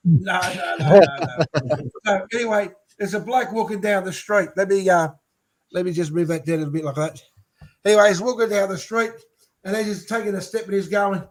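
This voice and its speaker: A man's voice: sits high, steady tone, a little fast. A man co-hosting a football podcast, telling jokes in a hesitant way with many fillers. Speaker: podcast co-host. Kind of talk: casual footy podcast banter.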